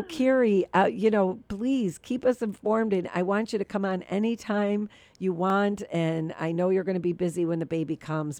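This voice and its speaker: A woman hosting a Christian talk show, praying fervently and slowly, then chatting warmly with her guest. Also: lowish voice, no echo. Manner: fervent, slow prayerful delivery. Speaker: host.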